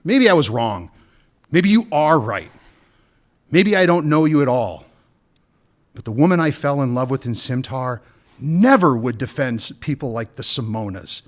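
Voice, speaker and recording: A man's voice: medium pitch, animated, normal speed, pauses often, lightly acted. An actor playing a confident male weapons smuggler with a dry, teasing way of talking, in an audio drama. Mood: bitter. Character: suave male weapons smuggler, wry and persuasive.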